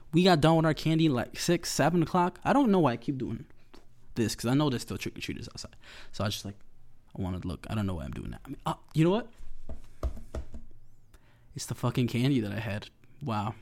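Sugar-buzzed young man rambling casually. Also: medium pitch. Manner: animated, slangy, laughs often. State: hyped up on sugar. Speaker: vlogger.

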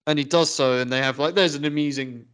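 A man's voice: fairly high pitch, steady tone, fast talker, fairly bright tone, clean tone. A man co-hosting a film review podcast, chatting casually and rambling through plot details with easy laughter. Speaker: podcast co-host.

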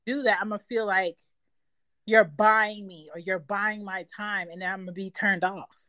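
A woman's voice: medium pitch, steady tone, normal speed, bright, forceful tone, dry recording. A woman giving her opinions emphatically in a casual talk show. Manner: emphatic, self-assured.

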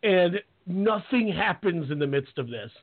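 Over a thin, tinny line that sounds like a phone call, a male sports radio host spins stories in a casual chat, a little slowly. His voice sits slightly high for a man, and he brings lively energy, voicing the players when he quotes them.

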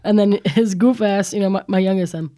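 A mother in casual chat, telling stories in an animated, profane way. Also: medium pitch, brisk. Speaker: mother of young kids.

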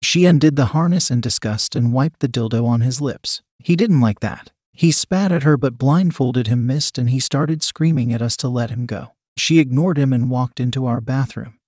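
A man's voice: mid-range voice, moderate pace, few pauses, darkish tone, slightly rough, dry recording. Man narrating, dry and close. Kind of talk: first-person story narration.

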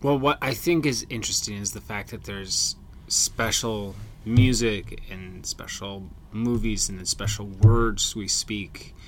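A man's voice: fairly low pitch, unhurried, slight background noise. A man co-hosting a podcast in casual chat, earnest and reflective, often restarting his sentences. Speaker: podcast co-host.

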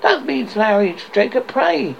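A man's voice: extremely high pitch, sing-song, normal speed, creaky, lo-fi sound, a little hiss or hum, pitched above the performer's own voice, full character voice. A man voicing a frightened old miser who pleads and falters. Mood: pleading.

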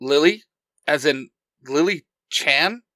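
A polite, formal young huntress acting as an envoy, as a man acts her out. The voice sits somewhat high and sounds dry and close, in a storybook reading. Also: slow, bright, forceful tone, no echo. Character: polite young female hunter, ambassador.

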